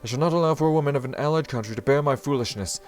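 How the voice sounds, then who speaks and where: A man's voice: mid-range voice, racing, soft background music, pitched above the performer's own voice, close to an everyday voice. A man reading aloud the inner monologue of a formal, flustered young male samurai from a visual novel. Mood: earnest.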